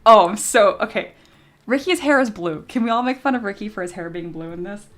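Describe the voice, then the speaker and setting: A woman's voice: mid-range voice, expressive, brisk, fairly bright tone. A young woman chatting casually on a live stream, giggly and self-mocking, swearing freely as she reads chat. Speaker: streamer and 3D sculptor.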